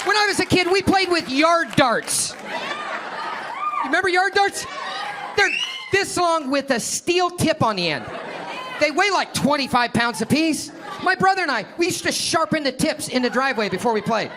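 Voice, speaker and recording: Brash high-voiced male stand-up comic. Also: wildly swooping pitch, normal speed. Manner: brash and profane, crowd-working. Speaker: stand-up comedian. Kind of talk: stand-up set. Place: comedy club stage. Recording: live club with crowd noise. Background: audience laughter and room noise.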